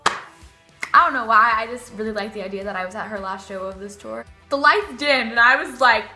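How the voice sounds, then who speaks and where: A teenage girl, excitedly telling a story in her vlog, gushing and full of "like". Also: a little high, normal speed, reverberant, over music. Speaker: vlogger.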